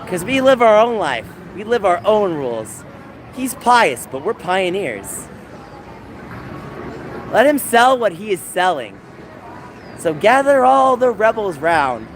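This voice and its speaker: A man livestreaming from outdoors, talking to chat in an animated, mocking, sarcastic way. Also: high voice, slow, pauses often. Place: outdoors in a busy public area. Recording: outdoor street noise with passing vehicles.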